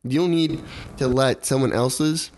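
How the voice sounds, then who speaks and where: A man's voice: medium pitch, measured pace, a little mellow. A young man in a casual podcast chat, talking heatedly, swearing and repeating himself for emphasis.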